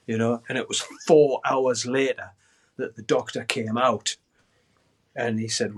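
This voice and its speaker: A man in his sixties, a guest musician, telling a story in a podcast interview with lots of swearing and shouted quoted lines. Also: mid-range voice, fairly even intonation, unhurried, breathy edge.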